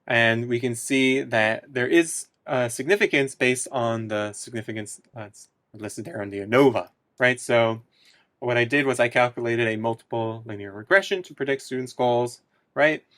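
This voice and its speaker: A man presenting his research study, talking through the results with frequent pauses, fillers and restarts. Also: mid-range voice, a bit bright, dry recording. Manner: hesitant, many fillers and restarts.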